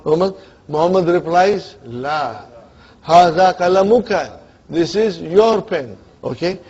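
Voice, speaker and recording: This is a classroom lecture on Arabic grammar, captured in a dull lo-fi recording, where a man blends English with Arabic grammatical terms and quizzes students to make sure they keep up. He sits high in pitch, sounding darkish and a little breathy, with lively intonation and a measured pace.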